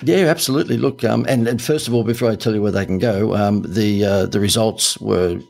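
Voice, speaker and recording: A man's voice: on the low side, a little fast, creaky, darkish tone. A middle-aged Australian man telling stories as a podcast guest, chatty and laughing often with many fillers. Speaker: guest, ad agency founder. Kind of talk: podcast interview storytelling.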